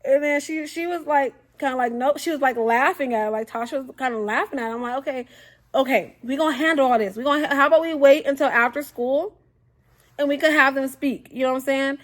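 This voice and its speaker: A young woman tells a story to camera in a casual, animated way. Her voice sits high, and she keeps slipping into the voices of the people in her story. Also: a little fast. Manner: animated, acts out quotes, frequent fillers.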